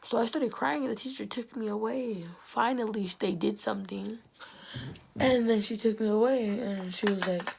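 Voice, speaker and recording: A woman's voice: medium pitch, normal speed, vocal fry, very noisy. A teenage girl telling a storytime vlog in a chatty, slangy way, often dropping to a whisper. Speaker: vlogger.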